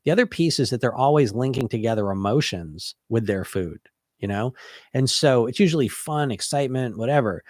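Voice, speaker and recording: Animated man coaching in a dry podcast. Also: medium pitch, fairly quick, no room sound. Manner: conversational, animated, repeats words and restarts. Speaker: weight-loss coach and podcast host. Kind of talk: casual monologue.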